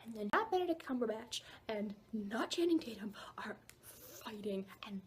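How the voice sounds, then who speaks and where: A young woman with a fairly high voice tells a long dream story straight to her camera. She rambles loosely, leaning on fillers as the tale tumbles out. A faint hiss of noise sits under her voice. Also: normal speed. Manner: rambling, filler-heavy, animated retelling of a dream. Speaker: vlogger. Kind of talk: casual storytelling.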